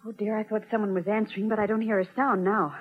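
An actress playing an anxious young wife calling for help in a 1940s radio soap, in a tinny old broadcast. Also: female voice, medium pitch, steady tone, quick pace, husky, natural voice. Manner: pleading, worried.

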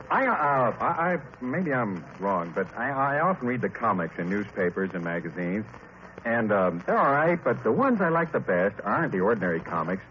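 A man hosting a 1940s radio comedy show, chatting in a wry, halting way and narrating a sketch. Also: on the low side, sing-song. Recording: old lo-fi radio recording with hiss.

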